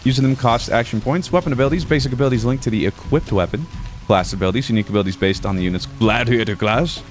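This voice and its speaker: A man's voice: medium pitch, fast. A man giving sponsored gameplay commentary while hamming it up as a pompous mock emperor. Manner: hammy, pompous mock-emperor role-play. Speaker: gaming YouTuber. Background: background music.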